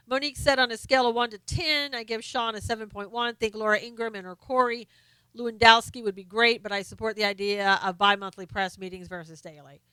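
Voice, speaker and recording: A woman hosting a casual live stream, reading viewer comments aloud in a chatty, halting way full of fillers and restarts; she is losing her voice. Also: fairly high pitch, bright, forceful tone, clear, resonant tone, no room sound.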